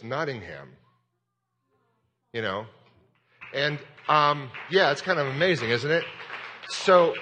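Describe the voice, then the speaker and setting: Candid pastor preaching in a reverberant hall. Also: male voice, medium pitch. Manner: candid, self-deprecating, rambling and animated. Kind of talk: sermon.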